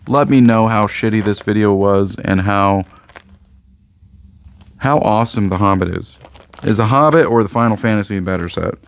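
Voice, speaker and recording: A man's voice: lowish voice, gravelly. A man with a Midwestern American accent, a card shop owner rambling casually to camera, joking and repeating himself. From Indiana, USA.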